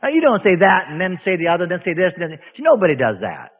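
High-voiced preacher on tinny radio. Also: male voice, wildly swooping pitch, fast talker, breathy edge. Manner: emphatic, folksy and argumentative. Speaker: pastor. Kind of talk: sermon. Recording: tinny radio broadcast with long hall reverb.

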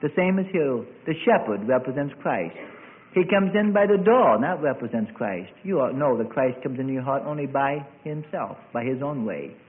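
A man preaching a sermon, stretching quoted words and rising to shouts as he tells the story. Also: medium pitch, lively intonation, normal speed. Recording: tinny phone-like recording.

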